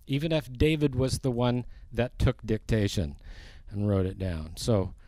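A preacher with a mid-range, dark-toned voice teaches a sermon verse by verse, recorded with no room sound. He reads scripture aloud slowly and deliberately, rising in force on the quoted lines.

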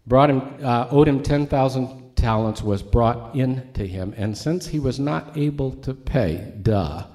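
A man's voice: mid-range voice, a little mellow. A man preaching a sermon as a pastor, teaching in a conversational way with asides to his congregation.

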